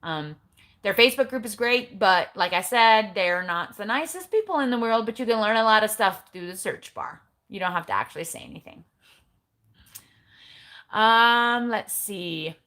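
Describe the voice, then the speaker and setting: A woman's voice: medium pitch, animated, moderate pace, a bit bright. Chatty, blunt middle-aged woman vlogger. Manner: chatty, blunt, eye-rolling asides. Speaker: keto vlogger. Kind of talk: casual livestream chat. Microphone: phone.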